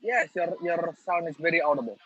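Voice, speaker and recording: A man's voice: fairly high pitch, fairly quick, a bit bright, breathy edge, no room sound. A man moderating an online group discussion, politely calling on participants. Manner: polite, formal, calls on people. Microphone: video call. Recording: dry, dull video call audio.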